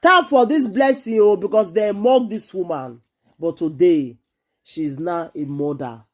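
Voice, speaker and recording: A woman with a Nigerian accent, hosting an excited monologue to camera in an emphatic, repetitive, exclaiming way. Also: on the low side, unhurried. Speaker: vlogger host.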